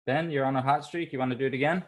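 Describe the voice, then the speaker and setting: A male elementary school teacher leading a class of young children, upbeat and encouraging, sounding out syllables slowly. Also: medium pitch, fairly even intonation.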